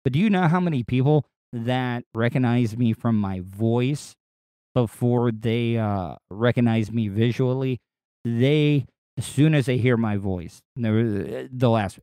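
This podcast host and radio personality talks alone in an unhurried, mellow way, his distinctive voice not deep but clear and resonant. With no echo, his rambling comes across crude and candid, full of restarts.

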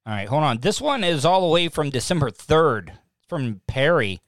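A man's voice: on the high side, big pitch swings, moderate pace, dry recording. A man hosting a casual live podcast from a home studio, rambling and self-deprecating, often repeating himself. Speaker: podcast host. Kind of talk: casual live-stream chat. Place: home studio lit with lamps. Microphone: desk podcast mic with a mixing board.

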